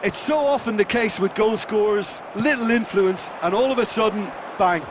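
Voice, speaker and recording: A man voicing a seasoned male football colour commentator in a video game, explaining the play in a steady, thoughtful way. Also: high-pitched, normal speed, noisy background, natural voice. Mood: analytical. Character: seasoned male football pundit, calm and analytical. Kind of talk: scripted video game match analysis.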